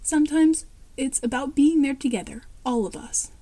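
A woman's voice: sits high, moderate pace, warm tone, voice pushed up, lightly acted. A woman reading the lines of a brave, earnest young boy who leads his siblings, in a plain read-aloud manner.

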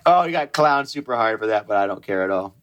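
A man's voice: lowish voice, expressive, a bit bright, muffled recording. Laughing, swearing sports podcast guy. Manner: laughs often, swears, quick storytelling asides. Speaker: podcast co-host. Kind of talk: casual sports chat.

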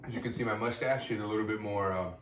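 A man's voice: fairly low pitch, steady tone, quick pace. Chill guy on a comedy podcast, swears a lot, sounds far off in an echoey room. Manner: laid-back, swearing, opinionated about fighting. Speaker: podcast co-host. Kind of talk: casual comedic chat. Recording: echoey room, mic at a distance, faint noise.

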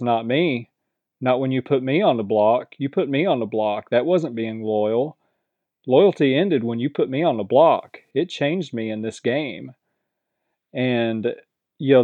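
A man's voice: medium pitch, warm tone, dry recording. A man casually recapping a reality show episode, rambling with lots of fillers and acting out quoted lines.

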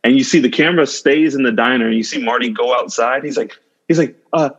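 A man's voice: mid-range voice, fast talker, slightly rough. A male podcast host chatting casually about a movie, enthusiastic and often laughing, with plenty of fillers. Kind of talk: casual chat. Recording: dull lo-fi recording.

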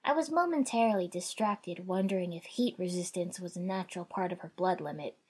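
A woman narrating a first-person fan fiction story in a wry, conversational way, raising her voice for shouted dialogue. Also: on the low side, a little fast, breathy edge. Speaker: audiobook narrator.

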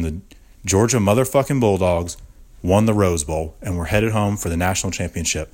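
A young podcast host with a low, somewhat mellow voice rants at normal speed for comedic effect. He swears constantly and puts on exaggerated mock outrage.

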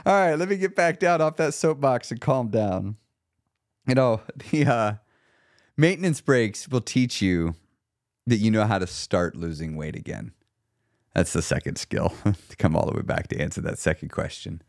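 A man's voice: medium pitch, normal speed, gravelly, dry recording, clean studio sound. A middle-aged man hosting a solo weight loss podcast, talking casually and getting worked up into rants. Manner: excitable, gets worked up and rants.

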